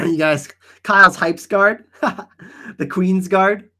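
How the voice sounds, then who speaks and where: Excitable man hosting a live chat. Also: high-pitched, slow. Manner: excitable, laughs often, frequent filler "like". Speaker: livestream host answering chat.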